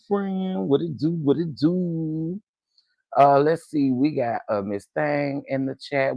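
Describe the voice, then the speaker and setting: A man with a gravelly, creaky edge hosts a relaxed livestream, calling out viewers by name with playful, drawn-out greetings. He talks. The sound is close and dry, with no room around it. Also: mid-range voice, no room sound, highs cut off. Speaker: livestream host. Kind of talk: casual livestream chat.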